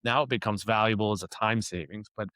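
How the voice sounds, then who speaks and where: Man, low-pitched, dry recording, casual interview guest, talks with restarts. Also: fast, a bit bright, dry recording. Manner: conversational, restarts and "you know" often. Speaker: construction operations consultant, podcast guest.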